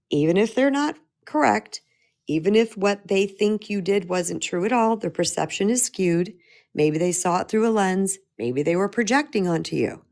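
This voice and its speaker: Fairly low in pitch and a little mellow, the voice belongs to a middle-aged woman coaching spiritual empowerment in a motivational talk. Her delivery is earnest and emphatic, with key phrases said again and again.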